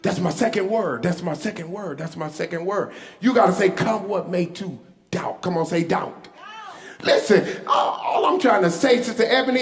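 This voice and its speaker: High-voiced preacher shouting call-and-response. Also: male voice, animated, normal speed. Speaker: pastor. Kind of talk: sermon. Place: church sanctuary. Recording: echoey church hall with music.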